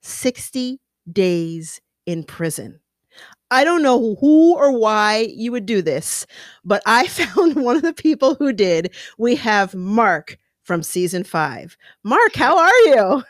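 A woman hosting an interview podcast, bubbly and excitable, laughing often as she chats with her guest. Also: on the high side, slow pace, dry recording, clean studio sound. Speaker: podcast host. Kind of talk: upbeat interview chat.

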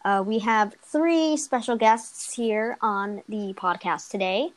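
A woman's voice: medium pitch, takes it slowly, rough recording. A teenage girl hosting a casual online podcast, giggling and correcting herself as she goes. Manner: giggly, rambling, self-correcting. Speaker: host. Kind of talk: casual chat.

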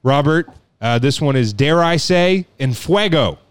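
A man's voice: fairly high pitch, measured pace, clear, resonant tone, dry recording. A man hosting a casual podcast quiz about sportscaster catchphrases, swearing and laughing as he talks. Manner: swearing, laughing, playful, lively, does sportscaster impressions. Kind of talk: casual chat.

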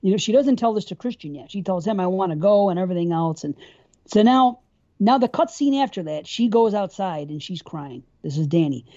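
Woman, co-host, mellow dark tone, swears a lot, rambles through scene recaps, slightly muffled recording. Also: mid-range voice, animated, fairly quick. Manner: profane, rambling, retells scenes at length. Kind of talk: casual film discussion.

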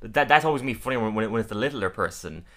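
A podcast co-host chats through a casual episode review in a lowish, somewhat bright voice, talking expressively and rapid-fire. He laughs often while recapping scenes and stumbles over repeated words as he restarts.

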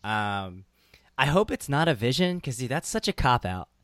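A man in his regular voice, neither high nor low, talking over a movie podcast in loose, excitable banter, cursing freely. The sound is dry and close with no room echo. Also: moderate pace. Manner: animated fan banter, swears freely, laughs often. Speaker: podcast co-host. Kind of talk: casual chat.

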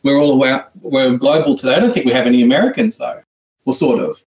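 A man with an Australian accent hosts a writing seminar in loose, joking talk that keeps restarting itself. His voice sits at a middling pitch and carries a roomy echo around it. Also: expressive, fast talker, a little mellow. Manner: rambling, joking, with frequent restarts. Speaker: seminar host. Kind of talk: casual online seminar hosting.

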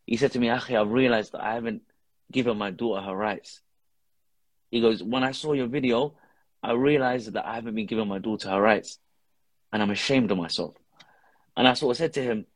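A man's voice: fairly low pitch, husky, no room sound. A man telling an earnest personal story in a casual podcast conversation, with Arabic religious phrases woven into his talk. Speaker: guest, father who posts videos with his daughter.

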